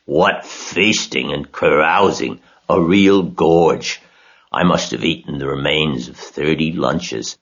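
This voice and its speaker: A man voicing a bloated, boastful male rat with a husky, hoarse voice and a slow, snarling drawl. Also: rumbling low, fairly bright tone, highs cut off, heavily acted. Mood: gloating.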